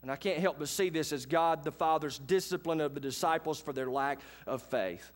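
A man, preaching a sermon in a church with animated, folksy asides to his congregation. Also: a little high, normal speed. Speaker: pastor. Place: church sanctuary.

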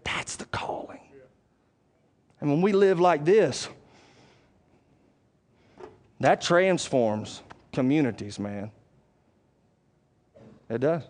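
A male pastor preaching a sermon, conversational and plain-spoken, moving between loud emphatic stretches and quiet asides. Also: a little high, big pitch swings, slow, long pauses.

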